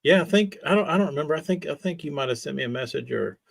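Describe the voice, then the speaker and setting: A man from Texas joins a live chat as a guest. His voice sits fairly high, and he speaks a little hesitantly, hunting for words. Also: animated, very fast, creaky. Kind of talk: casual chat.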